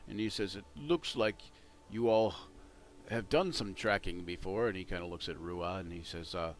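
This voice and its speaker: A man narrating as game master of a tabletop game, talking in halting starts with many fillers, with faint music behind. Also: deep voice.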